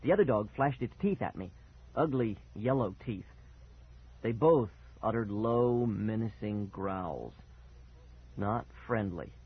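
A man reading a first-person story aloud with expressive, dramatic delivery and a husky voice. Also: fairly low pitch, slow. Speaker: audiobook narrator. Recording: tinny phone-like sound.

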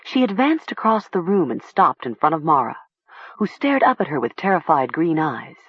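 An audiobook narrator reading a horror story with slow, expressive storytelling. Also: medium pitch, slightly rough, dry recording, muffled recording.

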